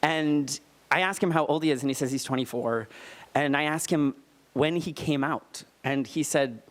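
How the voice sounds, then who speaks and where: A man telling a personal story live on stage at a storytelling night, candid and earnest, with lively emphatic retellings of dialogue, into a stage microphone. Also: a little high, moderate pace.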